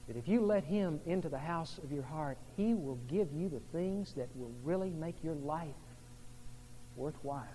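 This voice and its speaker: Male pastor preaching, high voice, hushed then emphatic, long hall reverb. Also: lively intonation, moderate pace, a little hiss or hum. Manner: shifts between hushed intimate tones and emphatic rising delivery. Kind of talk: sermon.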